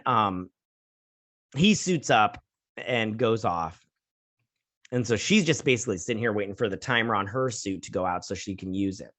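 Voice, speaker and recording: A man's voice: mid-range voice, a bit bright. A man in his thirties hosting a casual episode recap, rambling and acting out the characters' lines in silly voices. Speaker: host.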